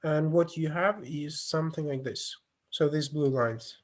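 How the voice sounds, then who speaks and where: A man lecturing online, moving at an unhurried pace and pausing often with fillers as he demonstrates on screen. His voice sits a little high and comes through a computer mic on a video call. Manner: halting, many fillers and restarts, non-native phrasing.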